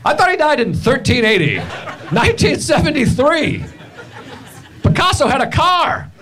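A man performing a stand-up comedy set with deadpan, animated storytelling. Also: very high-pitched, moderate pace, a crowd in the background. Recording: loud background noise. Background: audience laughter.

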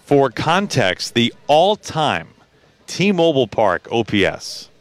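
A man's voice: mid-range voice, sing-song, slow pace. A man hosting a pregame radio show, chatty and playful and full of stats. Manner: chatty, stat-heavy, playful. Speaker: radio sports host. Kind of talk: pregame sports talk.

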